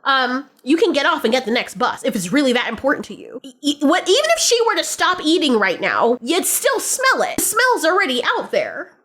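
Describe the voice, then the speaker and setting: A woman hosting reaction commentary, who rants in an animated way, swears and laughs. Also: high-pitched, brisk, hardly any pauses. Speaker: reaction video host.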